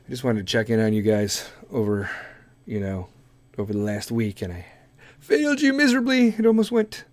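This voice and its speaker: A crude, sarcastic man rambles through a profane comedy podcast. His voice swings widely in pitch and sounds close, dry and unroomy. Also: sing-song, fairly quick, no echo. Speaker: podcast host.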